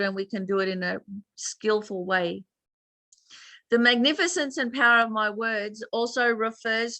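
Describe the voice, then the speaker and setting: A woman's voice: mid-range voice, bright, forceful tone, dry recording. An Australian woman teaching a chatty online meditation class, laughing often as she explains.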